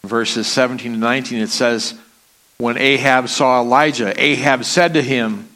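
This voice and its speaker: A man's voice: medium pitch, animated, moderate pace, sharp tone. A man preaching a sermon, reading scripture aloud with dramatic rises and falls.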